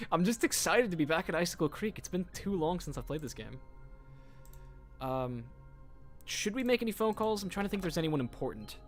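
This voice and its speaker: A man's voice: high voice, big pitch swings, a little fast, soft background music. A man casually commenting while streaming a game, joking and reading in-game notes aloud.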